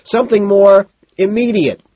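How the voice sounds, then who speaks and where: A man voicing a frantic young male Wall Street yuppie who shouts over loud club music. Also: sits high, normal speed, dry recording, highs cut off, voice pushed up. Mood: frantic shouting.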